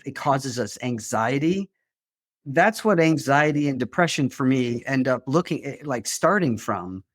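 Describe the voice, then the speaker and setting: A man's voice: mid-range voice, no room sound, clean studio sound. A man, a therapist and grief coach, explaining his work as an interview guest in an earnest way, with small restarts.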